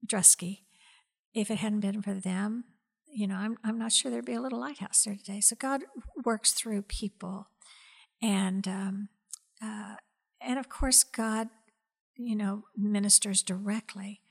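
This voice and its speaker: During an interview, this woman, who directs a ministry, tells of her faith with sincerity. Her medium-pitched speech is slow and tentative, crowded with fillers and marked by soft, breathy stretches.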